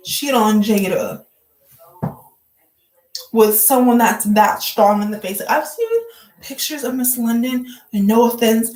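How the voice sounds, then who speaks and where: A woman's voice: a little high, darkish tone, roomy sound, rough recording. A woman vlogger giving casual gossip commentary, blunt, profane and joking, full of "like" fillers.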